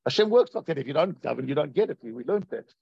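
A man teaching a Torah class in a lively way, acting out quoted voices and asking his listeners questions, on a dull lo-fi recording. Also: fairly high pitch, fast talker, vocal fry, breathy edge, dry recording.

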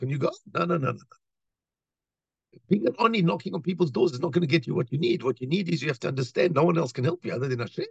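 A man giving a lively Torah talk, telling a story and acting out the voices of its people. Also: fairly high pitch, creaky, breathy edge, dry recording, muffled recording. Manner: animated storyteller, acts out voices, many restarts. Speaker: rabbi.

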